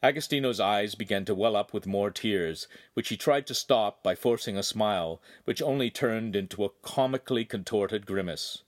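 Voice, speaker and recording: An audiobook narrator with a lowish voice reads a novel aloud from a script in a measured, even storytelling manner. The recording is studio quality with no room sound.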